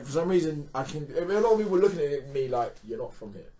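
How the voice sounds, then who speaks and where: A man's voice: on the high side, fast. A man spins a long anecdote as a podcast guest. He laughs often, restarts his sentences, and speaks in a slightly raised voice. Crowd noise sits behind him. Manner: animated, laughing storyteller with many restarts. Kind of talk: casual storytelling.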